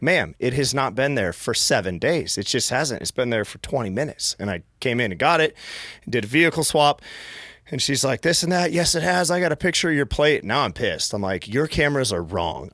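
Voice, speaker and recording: A man's voice: mid-range voice, a bit bright, dry recording, studio quality. A man from Montana, a musician guest on a podcast, telling a long story in a casual way and acting out the voices of the people in it.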